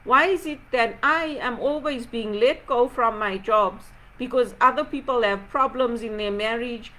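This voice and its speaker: Zimbabwe-raised woman, kinda high voice, venting hard with question after question. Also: measured pace, a bit bright, poor audio. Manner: aggrieved, rhetorical, repeating pointed questions. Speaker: video blogger. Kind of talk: impassioned spoken reflection.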